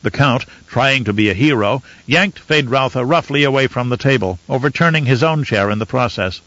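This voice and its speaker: Measured male audiobook narrator, dry sound. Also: medium pitch, a bit bright, no room sound. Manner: measured, storytelling. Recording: slightly muffled dry recording.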